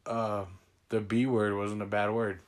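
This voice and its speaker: A man's voice: on the low side, little pitch movement, unhurried. A young man hosting a casual chat with his siblings, rambling through stories and laughing often. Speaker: host.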